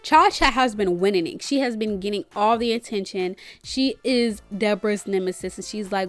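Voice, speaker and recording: A young woman casually recapping a TV show, animated and blunt, swearing freely as she retells scenes. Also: on the high side, moderate pace, few pauses, faint music behind. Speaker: recap host.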